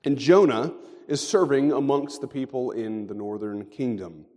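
A man preaching a sermon as a pastor, telling stories and letting his sentences trail off quietly. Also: mid-range voice, moderate pace, in a large hall. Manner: storytelling, dropping to quiet endings.

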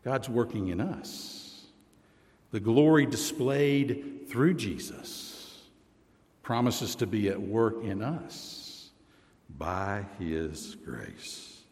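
A man preaching a sermon as pastor, reading scripture aloud and slowing down, dropping his voice low to stress key words. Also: lively intonation, a little mellow, big-room sound. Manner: deliberate preaching, slows and drops low for emphasis, reads scripture aloud.

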